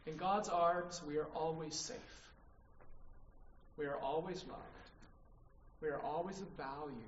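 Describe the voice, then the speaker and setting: A man with a slightly high voice preaches an emphatic sermon at a measured pace, repeatedly checking in with the congregation by asking "right?". The recording is distant and dull in an echoey hall, with a little hiss or hum.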